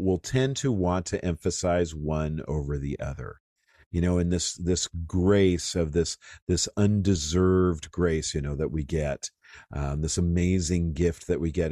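A man giving an informal, conversational Bible teaching as a pastor, with many fillers and bursts of excitement. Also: sits low, dry recording, clean studio sound.

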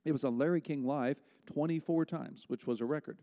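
A pastor preaching a sermon, conversational and emphatic, with rhetorical questions to the congregation. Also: male voice, fairly high pitch, fairly quick, dark tone, in a large hall, lo-fi sound.

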